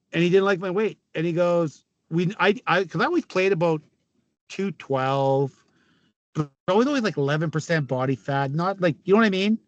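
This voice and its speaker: A middle-aged man from Canada, a former hockey player, telling stories in an interview, with a raspy voice, laughing often and swearing freely. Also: high-pitched, moderate pace, no room sound, muffled recording. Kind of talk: casual storytelling interview.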